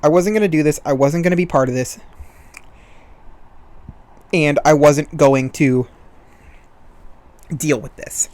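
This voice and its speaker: A man's voice: a little high, a little slow, pauses often, a little mellow, no room sound. A young man hosting a podcast, retelling a personal story in an emphatic, at times heated way. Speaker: podcast host.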